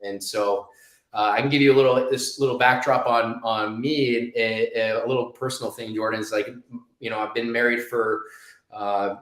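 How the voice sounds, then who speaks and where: A man's voice: mid-range voice, little pitch movement, normal speed, fairly bright tone, echoey room, poor audio. A man in his thirties telling a personal story as an interview guest, rambling with many restarts and fillers.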